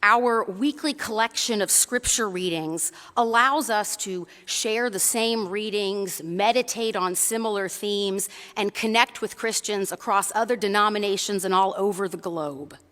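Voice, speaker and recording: A woman's voice: mid-range voice, measured pace, hardly any pauses, a bit bright, in a large hall. A woman preacher giving a conversational sermon in a church. She tells a story and often checks in with the congregation.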